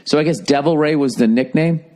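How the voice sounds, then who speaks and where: A man hosting his own podcast, rambling alone and thinking out loud with constant swearing as he riffs on whatever he's looking at. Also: on the high side, brisk. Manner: profane, riffing, thinking out loud. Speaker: podcast host. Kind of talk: rambling solo podcast monologue.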